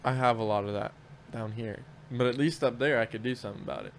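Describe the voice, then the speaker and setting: A man's voice: mid-range voice, fast, a little hiss or hum. A man in casual podcast chat, telling work stories in a rambling, profane way with lots of restarts.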